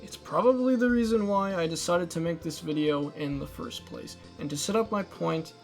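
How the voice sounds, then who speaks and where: High-pitched young male video essayist, sarcastic scripted rant, soft music behind. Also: moderate pace, gravelly. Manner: exasperated, sarcastic. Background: faint background music.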